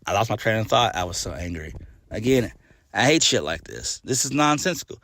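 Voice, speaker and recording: A man's voice: lowish voice, very animated, a little fast, a bit bright, slight background noise. Exasperated man reviewing a wrestling show. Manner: blunt, exasperated, swears freely, frequent fillers. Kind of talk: casual solo review.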